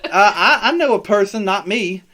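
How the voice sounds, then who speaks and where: Bright-voiced man, rambling podcast storyteller, stumbles and swears, casual. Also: high-pitched, lively intonation, moderate pace. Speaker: podcast co-host. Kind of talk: casual chat.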